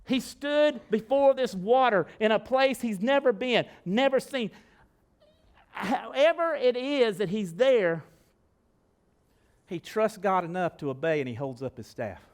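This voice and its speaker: Man, pastor, high voice, sermon, folksy, animated, loud and soft swings, asks the congregation questions, church. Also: unhurried. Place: church sanctuary.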